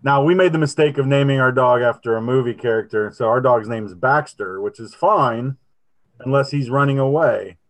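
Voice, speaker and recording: A man's voice: mid-range voice, moderate pace. A man from Ohio, a team captain, telling friendly anecdotes over a video call. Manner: friendly storyteller, laughs easily.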